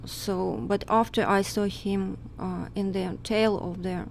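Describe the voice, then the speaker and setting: A woman guest in a casual conversation, speaking halting, hesitant English that is not her first language. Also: mid-range voice, steady tone, vocal fry, a little mellow, a little hiss or hum.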